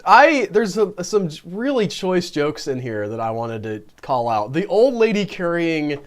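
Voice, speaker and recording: A man's voice: on the high side, very animated, unhurried. A man co-hosting a casual movie review podcast, talking in a rambling way with frequent restarts and laughs. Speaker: podcast co-host.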